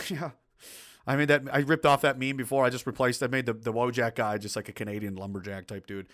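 Middle-aged guy ranting on his stream, swears a lot, bright punchy voice, keeps restarting sentences. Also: medium pitch, steady tone, quick pace. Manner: blunt and profane, heated outbursts; rambling with frequent restarts. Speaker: livestream host reading viewer chat. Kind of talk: casual ranting commentary.

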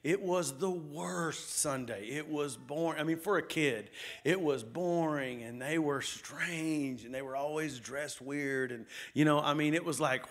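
A middle-aged man preaching from the pulpit, his voice sitting a bit higher than most men's. He talks to the congregation like a friend, then climbs into fervent calls for them to answer him. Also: normal speed, a bit bright. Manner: conversational preaching, rising to exhortation. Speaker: lead pastor. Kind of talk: sermon. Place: church sanctuary.

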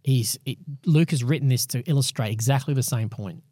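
A man's voice: mid-range voice, fairly quick, mellow, dry recording, clean studio sound. A man hosting a podcast, earnestly explaining a Bible passage in a conversational way. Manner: earnest, explanatory, with affirming interjections. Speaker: podcast host.

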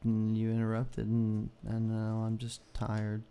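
A man's voice: lowish voice, monotone, a little slow, vocal fry, dark tone, smooth. A man co-hosting a podcast in casual chat, loose, sarcastic and profane. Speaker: podcast co-host.

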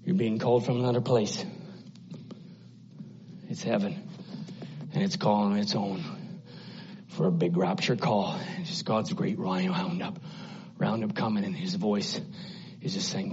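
A man preaching a sermon, moving between loud, ringing exhortation and hushed, breathy near-whispers. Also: on the low side, steady tone, a little slow, long pauses, lo-fi sound, slight background noise.

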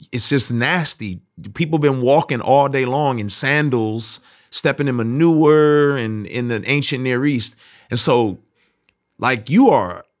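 A young adult man speaks to camera as the host of his own show, in a casual, conversational commentary. He tells stories with energy and briefly puts on the voices of people in them. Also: medium pitch. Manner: animated storytelling, acts out voices of people in anecdotes.

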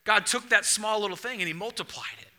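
A young adult male pastor preaching a sermon to his church, telling stories with lively acted-out dialogue. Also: high-pitched, fast talker. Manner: animated storytelling, acts out dialogue.

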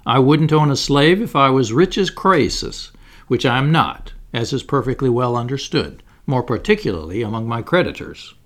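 Narrator voicing a earnest carpenter, grave, preaching, animated pitch. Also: male voice, moderate pace, natural voice. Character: earnest moralizing male carpenter.

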